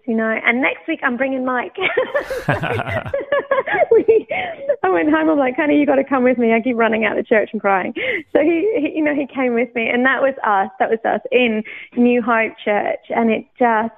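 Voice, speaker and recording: A woman from the United Kingdom, a guest telling her personal faith story in an animated way and acting out her past thoughts. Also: a little high. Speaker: interview guest. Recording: narrow phone-like radio sound.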